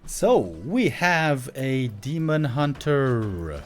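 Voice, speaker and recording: A man commentating a strategy game match solo, chatty and excitable, laughing often and rambling off-topic. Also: mid-range voice, drawn-out words, soft background music. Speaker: esports caster.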